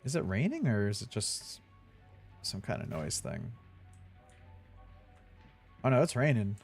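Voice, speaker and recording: A man's voice: on the low side, big pitch swings, measured pace, gravelly, soft background music. A young man chatting casually while playing a video game, laughing easily and swearing now and then. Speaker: streamer. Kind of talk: casual let's-play commentary.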